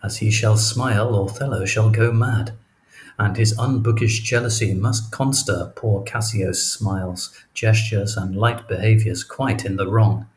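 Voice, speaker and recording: A male audiobook narrator gives voice to a cunning villain who plots in a sly, insinuating tone. His voice is low and unhurried. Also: fairly even intonation, a little hiss or hum, lightly acted. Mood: sly scheming. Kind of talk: audiobook character reading.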